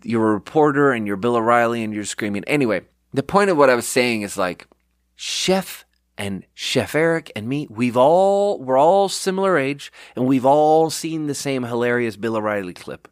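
A man's voice: medium pitch, moderate pace, dry recording, clean studio sound. Rambling, self-deprecating male podcaster. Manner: animated storyteller who acts out quotes. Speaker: podcast host. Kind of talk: casual solo monologue.

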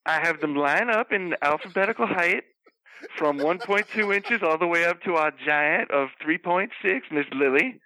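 A man's voice: on the high side, normal speed, bright, forceful tone, no echo, rough recording. A man voicing a flustered, bawdy old Southern belle who keeps gasping with hiccups as she rambles through scandalous gossip. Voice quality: gasping hiccups between phrases. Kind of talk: comedic character bit.

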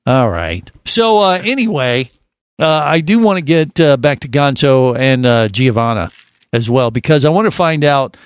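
A man's voice: mid-range voice, big pitch swings, moderate pace, smooth, no echo, studio quality. A man hosting a casual radio chat show, teasing his guests with jokes. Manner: joking, teasing banter.

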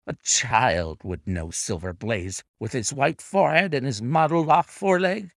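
A man's voice: medium pitch, lively intonation, measured pace, vocal fry, dry recording, studio quality. A man voicing an angry, agitated old racehorse-owning colonel who blusters indignantly.

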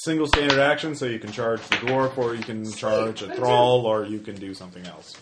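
A man's voice: mid-range voice, brisk. A man as game master at a tabletop game, casually explaining rules and rulings. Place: room around a gaming table. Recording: noisy room recording.

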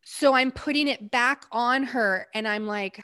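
A woman's voice: on the high side, a little slow, few pauses, bright, forceful tone, clean tone, dry recording. Woman, medical provider, candid interview storytelling, emphatic short phrases, dry close sound. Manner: candid, earnest, speaks in short emphatic bursts. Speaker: medical provider recounting field work.

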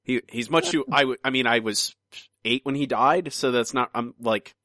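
A man's voice: mid-range voice, normal speed, sharp tone, dry recording, clean studio sound. A man hosting a podcast, chatty and teasing, talking casually. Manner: teasing, chatty, stumbles and restarts. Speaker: podcast host. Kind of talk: casual chat.

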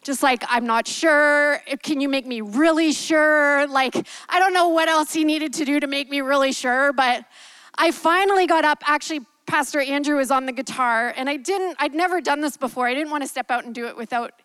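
Female preacher, high voice, dry close sound; candid and gentle, storytelling sermon. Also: normal speed, no echo, poor audio. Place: church.

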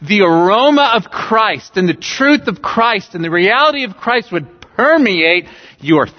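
A man's voice: high-pitched, big pitch swings, a little slow. A man from California preaching a sermon as pastor, emphatic, repeating key phrases and using humorous everyday illustrations, in a church sanctuary. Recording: dull recording with long hall reverb.

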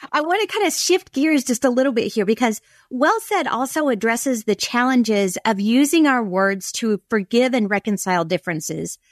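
A woman's voice: on the high side, no room sound, clean studio sound. A woman hosting a podcast interview, asking her guest questions in an encouraging way. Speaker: podcast host.

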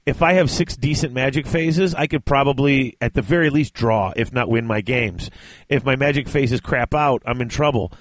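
Podcast co-host, man, excitable and laughing, dry mic, medium pitch. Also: moderate pace, no echo. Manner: animated, laughs often, many restarts. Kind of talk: casual chat about tabletop wargaming.

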